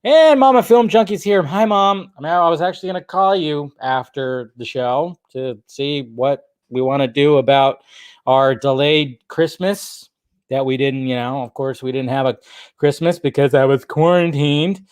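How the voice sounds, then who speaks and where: A young man hosting a casual live stream speaks with a smooth, medium-pitched voice at normal speed, chatting and naming viewers as he greets them. He has a slight throaty cough. The desk-microphone recording is dry and studio quality.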